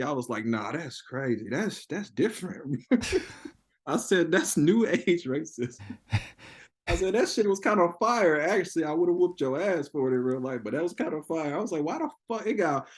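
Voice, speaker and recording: A young man telling a story in a casual interview, profane and animated, laughing often and acting out quotes. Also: a little high. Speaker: interview guest.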